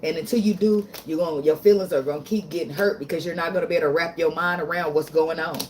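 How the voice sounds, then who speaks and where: A woman's voice: low-pitched, fairly even intonation, quick pace, a little mellow, slight background noise. Blunt, profane woman tarot reader. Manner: blunt, profane, emotional, laughs often. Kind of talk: casual tarot reading vlog.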